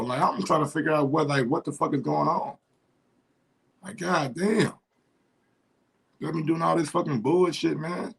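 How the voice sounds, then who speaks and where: A man's voice: fairly high pitch, gravelly, fairly bright tone. Frustrated cursing livestream host, man. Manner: frustrated, profane, repeats himself. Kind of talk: casual livestream chat.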